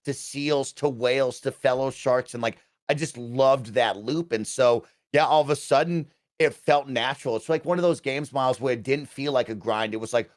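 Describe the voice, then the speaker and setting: A young man on a casual gaming chat, talking enthusiastically and quickly, often tagging his sentences with "right?". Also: medium pitch, no echo, studio quality. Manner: enthusiastic, fast, peppered with "right?". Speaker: guest.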